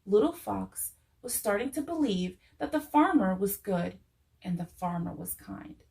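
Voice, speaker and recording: Slow, gentle woman storyteller. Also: medium pitch, expressive, vocal fry, poor audio. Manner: gentle, with a repeated soothing refrain. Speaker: children's storyteller. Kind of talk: reading a children's story aloud.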